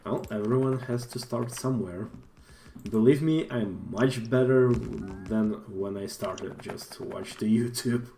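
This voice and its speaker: A man hosting a casual group chat while playing a game, relaxed and joking. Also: fairly low pitch, slow, vocal fry, reverberant, slight background noise. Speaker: host of a game stream.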